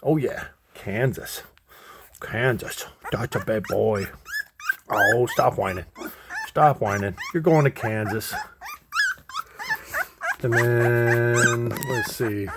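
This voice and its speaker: A man giving a casual video update on a litter of puppies, talking to them fondly in soft baby talk. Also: mid-range voice, huge pitch swings, takes it slowly, pauses often, heavy background noise. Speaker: dog breeder.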